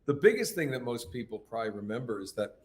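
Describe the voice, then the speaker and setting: Man for a casual live show guest spot: mid-pitched, animated, a storyteller who acts out what people said. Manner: animated storyteller, quick asides and quoted voices. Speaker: guest voice actor. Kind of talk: casual podcast chat.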